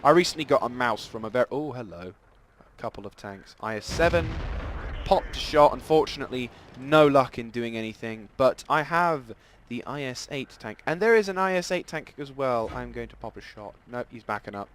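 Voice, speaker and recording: A man giving rambling, self-deprecating live commentary over a tank game, with sudden excited outbursts. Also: medium pitch, normal speed, a little hiss or hum. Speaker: gameplay commentator. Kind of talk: casual live gameplay commentary.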